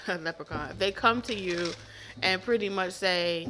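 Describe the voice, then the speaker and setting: A woman giving a casual tarot reading to camera, animated and profane, repeating herself with laughing asides. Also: fairly low pitch, unhurried, a little hiss or hum. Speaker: tarot reader.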